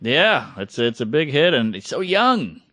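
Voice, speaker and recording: A man's voice: medium pitch, big pitch swings, a little slow, bright, forceful tone, no room sound. A man co-hosting a podcast in casual chat, teasing and wry, with musing asides. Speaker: podcast co-host. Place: podcast studio.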